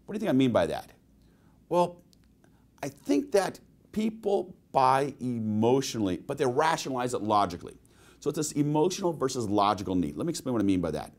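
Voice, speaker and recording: Animated male sales trainer. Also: mid-range voice, a little fast. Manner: animated storytelling with rhetorical questions to listeners. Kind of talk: webinar sales presentation with personal anecdotes.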